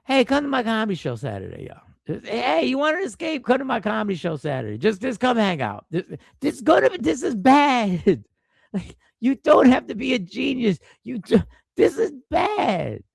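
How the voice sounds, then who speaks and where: A man's voice: very high-pitched, wildly swooping pitch, brisk, no room sound, studio quality. A man hosting a casual live stream, talking with a stuffy nose from a cold, riffing and repeating himself as he greets viewers by name. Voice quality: gravelly.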